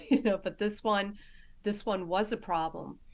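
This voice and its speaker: A middle-aged woman, a nurse practitioner, sharing personal stories as a podcast guest in a halting way, full of restarts and fillers. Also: medium pitch. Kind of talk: candid personal storytelling in a podcast interview.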